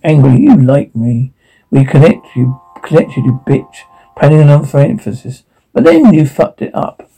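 An actor playing an obsessive male security guard holding a woman captive, taunting and mocking her, then flaring into rage, in a dark audio drama. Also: on the high side, sing-song, measured pace, vocal fry, husky, heavily acted, rough recording. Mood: menacing.

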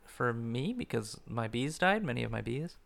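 A man's voice: medium pitch, normal speed, gravelly. A man co-hosting a comedy podcast, animatedly improvising a story and acting out the characters' lines. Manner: animated, acts out character quotes.

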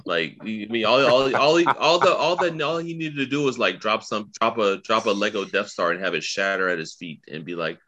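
Lively bright-voiced man. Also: lowish voice, fairly quick, hardly any pauses. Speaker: podcast co-host. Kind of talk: casual discussion.

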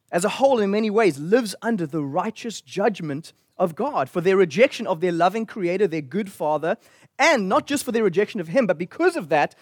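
Male pastor, high-pitched, earnest conversational sermon delivery. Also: dry recording, studio quality. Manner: earnest, conversational preaching with restarts.

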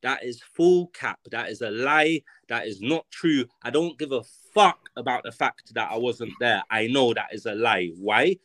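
A man's voice: mid-range voice, expressive, normal speed, few pauses, fairly bright tone. A man with a London accent, a guest author talking in a casual podcast conversation, ranting in a blunt, emphatic and profane way.

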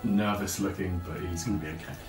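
A man's voice: deep voice, fairly even intonation, fast talker, echoey room, far from the mic, over music. A man playing a tabletop game, joking and chatting with the others. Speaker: player. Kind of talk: casual tabletop game chat.

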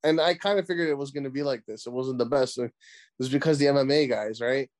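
A man co-hosting a casual podcast chat, excitable, swearing freely and padding his talk with filler words. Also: mid-range voice, fast talker. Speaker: podcast co-host.

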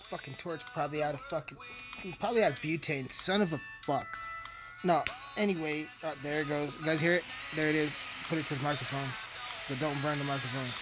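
A man's voice: fairly high pitch, fairly quick. A man rambling through a profane, joking casual monologue as a podcast host. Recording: music playing behind.

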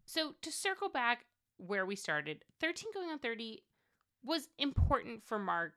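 Female podcast host, bright lively voice, chatty and wry. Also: fairly high pitch, a little slow. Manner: chatty, wry asides, lots of fillers. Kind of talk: casual solo commentary.

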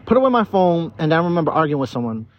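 A tipsy man rambles through a podcast monologue outdoors in a park. His voice sits a little high, and he swears freely and stumbles over restarts. The outdoor recording sounds dull and lo-fi. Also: big pitch swings, very fast. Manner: rambling and profane, with stammered restarts. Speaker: podcast host. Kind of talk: casual drunken monologue.

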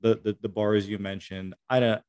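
Brief: man, low voice, dry close mic, thoughtful co-host who restarts often. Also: little pitch movement, normal speed, darkish tone, dry recording. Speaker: podcast co-host, former Army Ranger. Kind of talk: casual conversation.

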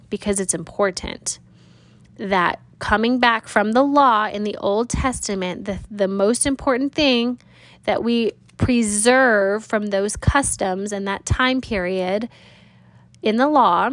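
A woman giving a casual, earnest Bible teaching, chatting with listeners and reading scripture slowly. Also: mid-range voice, no echo.

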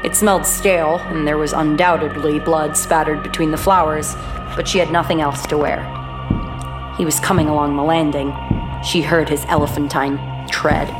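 A woman narrating a horror audiobook in a measured, even storytelling manner. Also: sits low, over music.

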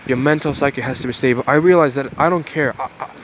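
A man's voice: mid-range voice, fast talker, a little hiss or hum. Earnest young man venting to camera. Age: 20s. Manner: repetitive, earnest, restarts phrases. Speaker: vlogger. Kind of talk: emotional personal monologue.

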